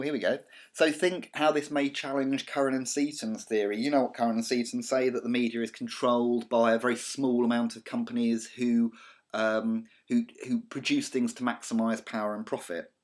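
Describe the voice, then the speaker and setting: A man's voice: medium pitch, steady tone, normal speed. A man with a southern English accent, a college media teacher talking over slides in a recorded lecture, chatty and digressive with many ums and restarts. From Britain. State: slight cough.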